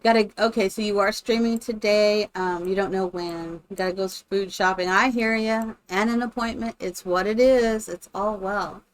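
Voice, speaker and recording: A woman's voice: mid-range voice, fairly even intonation, normal speed, hardly any pauses. A woman with an ordinary mid-range voice talks her way through a building session on a live stream. She muses aloud as she works and calls out to her viewers by name in an easy, chatty way. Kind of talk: casual live-stream commentary while building in a game.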